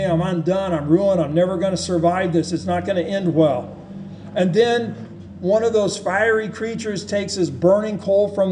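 Male pastor, high-pitched, unhurried delivery, expressive sermon reading. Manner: expressive preaching, quotes scripture with emphasis.

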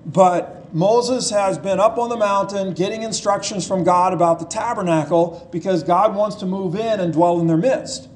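A man's voice: high-pitched, normal speed, few pauses, darkish tone, slight background noise. A man preaching a sermon in a conversational way, paraphrasing scripture and asking rhetorical questions. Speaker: pastor.

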